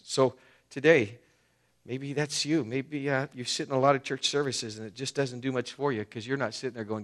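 A man's voice: mid-range voice, fairly even intonation, normal speed. A man preaching a sermon as pastor, talking in a conversational, personal way with frequent restarts.

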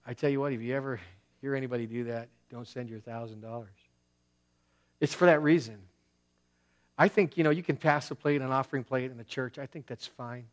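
Delivering a sermon, a male pastor keeps things easygoing and conversational, leaning on casual asides and slang. His voice is on the high side, steady in tone and fairly quick, with volume that rises in bursts before dropping to near quiet.

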